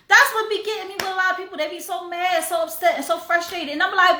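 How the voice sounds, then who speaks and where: A woman's voice: extremely high pitch, steady tone, quick pace, hardly any pauses, pushed and bright, reverberant. A woman hosting a casual livestream, talking in an emphatic, preachy way and sometimes breaking into song. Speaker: host.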